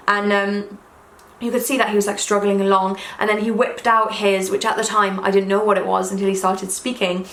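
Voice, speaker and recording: A woman's voice: medium pitch, little pitch movement, brisk, fairly bright tone. A young woman chatting rambly and gushing to her viewers while doing her makeup at home, full of "like" and "um". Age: young adult. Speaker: YouTuber. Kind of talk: casual get-ready-with-me chat while doing makeup. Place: room in her own house. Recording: echoey room with faint ambience.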